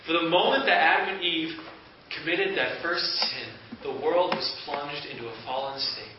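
A man narrating a Bible story in an earnest, dramatic way, pausing and restarting. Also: fairly high pitch. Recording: echoey, distant, dull with hiss.

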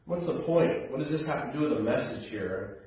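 A man preaching a sermon as a pastor, earnest, with soft low asides and raised emphatic passages. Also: animated, brisk. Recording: roomy, distant mic, slightly dull.

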